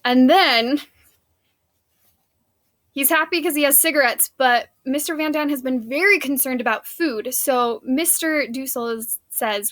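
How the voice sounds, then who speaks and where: Chatty woman teacher, bright voice. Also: high-pitched, a little slow, dry recording. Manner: casual and chatty, with many fillers. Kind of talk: classroom recap of a play.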